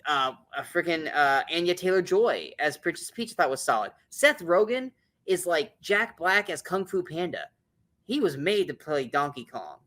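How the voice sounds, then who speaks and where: A man's voice: a little high, fairly bright tone. Blunt, swearing man ranking movies. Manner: blunt, opinionated, swears often, rambling restarts. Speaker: podcast co-host, movie reviewer. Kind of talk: casual podcast movie ranking.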